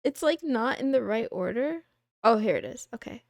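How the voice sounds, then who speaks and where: A young woman hosting a casual livestream, chatting and answering viewer questions in a soft, rambling, self-deprecating way. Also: on the high side, animated, normal speed, no room sound, studio quality.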